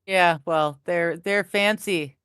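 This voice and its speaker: A woman's voice: fairly low pitch, slow pace, a bit bright, clean tone, dry recording, clean studio sound. A woman co-hosting a stream, chatting casually and teasing the host. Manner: teasing, laughs easily. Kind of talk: casual chat.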